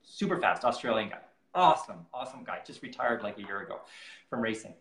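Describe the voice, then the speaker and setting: A man's voice: lowish voice, expressive, fast, a bit bright. Chatty male coach in a roomy room. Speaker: triathlon performance coach. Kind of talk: casual interview chat. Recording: roomy echo.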